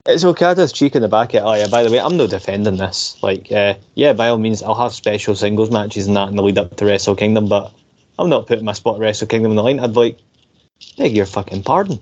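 A man's voice: on the low side, quick pace, darkish tone. A man co-hosting a podcast, ranting bluntly and swearing freely in casual chat. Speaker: podcast co-host. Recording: dull lo-fi recording.

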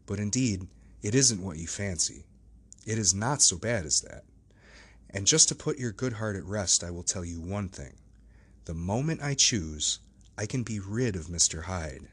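A man's voice: sits low, animated, normal speed, fairly bright tone, slightly rough, exaggerated voice. A man reading a troubled, pleading doctor. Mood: evasive. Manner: earnest, pleading. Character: troubled, evasive gentleman doctor.

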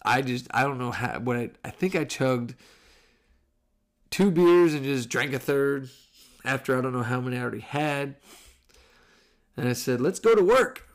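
A man in his thirties hosting a podcast, telling a story in casual, animated, profane style. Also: mid-range voice, moderate pace, long pauses. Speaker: podcast host.

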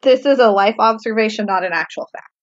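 A woman's voice: mid-range voice, brisk, no room sound. A woman co-hosting a casual podcast, teasing her co-host with dry wisecracks. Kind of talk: casual chat. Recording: dull lo-fi sound.

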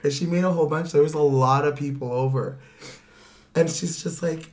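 A woman chatting casually as a podcast co-host, teasing her friend and telling a quick family story. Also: low-pitched, steady tone, a little mellow. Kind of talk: casual chat.

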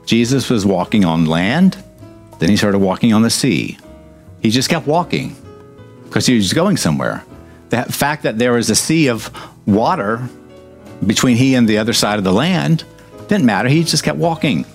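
A man's voice: medium pitch, sing-song, normal speed, pauses often, faint music behind. A man preaching a sermon, reading scripture and breaking into joking asides, hammering points with repetition.

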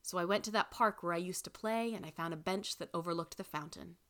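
A woman reading a first-person story aloud in an expressive way. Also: fairly low pitch, quick pace. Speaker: reader.

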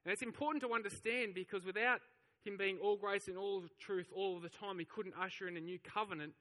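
A man's voice: sits high, fairly even intonation, fairly quick, pushed and bright, in a large hall. A man preaching a sermon, telling the story with animation and acting out the voices of the crowd. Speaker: pastor.

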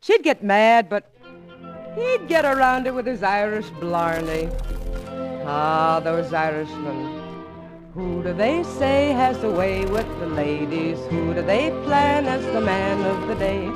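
An actress playing a cheerful young housewife who talks and sings in a bright, sing-song way in an old musical film comedy. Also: female voice, mid-range voice, expressive, slow, over music, poor audio. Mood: amused. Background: orchestra.

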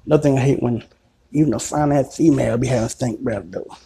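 A man with a gravelly, husky voice rambles through a profane comic rant. He circles back to the same lines again and again. His tone is dark and mellow. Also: mid-range voice, fast talker. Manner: rambling, repetitive, crude, puts on voices of others. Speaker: comedic ranter.

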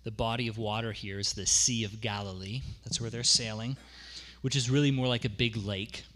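A man's voice: on the low side, fairly even intonation, normal speed, bright, forceful tone. A man preaching a sermon as pastor, conversational, explaining with asides and repeating key phrases for emphasis.

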